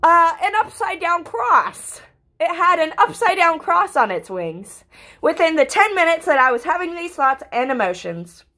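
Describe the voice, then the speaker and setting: A woman's voice: very high-pitched, big pitch swings, normal speed, bright, forceful tone. A young woman vlogging in a casual, rambling monologue, swearing often and packing her talk with fillers. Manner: profane, ranting, filler-heavy.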